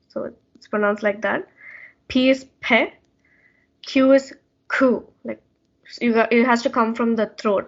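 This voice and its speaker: A woman's voice: fairly high pitch, fairly even intonation, unhurried, long pauses, dull audio. Patient woman explaining in an online class. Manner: patient, filler-heavy explaining. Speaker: language session teacher.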